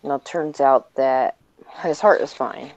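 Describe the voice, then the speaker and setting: Deep-voiced woman, matter-of-fact, lo-fi livestream sound. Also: a little slow, darkish tone. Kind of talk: casual chat. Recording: muffled lo-fi stream audio.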